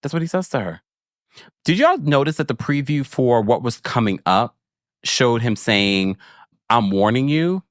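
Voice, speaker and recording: A man's voice: medium pitch, normal speed, dry recording, studio quality. A man hosting a podcast, recapping reality TV in a casual, playful and frank way, with the tone of a big brother to his listeners. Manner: animated and playful, with frequent laughs and asides. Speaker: podcast host.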